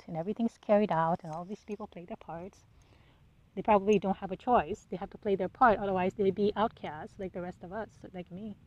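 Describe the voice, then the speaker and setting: A woman hosts a solo podcast in a casual monologue, speaking bluntly and with exasperation, swearing freely and tossing out rhetorical questions. Her voice is mid-range, and the recording is muffled but has no echo.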